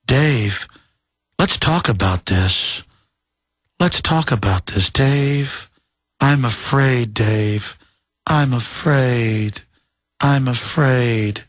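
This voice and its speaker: A man impersonating a calm, eerily polite male ship computer from a film, speaking softly and slowly. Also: medium pitch, no room sound, studio quality, pitched below the performer's own voice. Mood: pleading calm. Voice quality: soft, slow and soothing.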